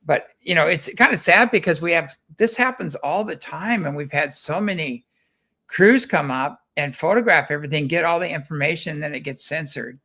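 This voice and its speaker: A man's voice: a little high, normal speed, gravelly, pushed and bright. A man from the United States, a guest who founded a ranch, chatting casually and telling rambling stories in which he repeats words and acts out what others said. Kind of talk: casual chat, anecdotal storytelling.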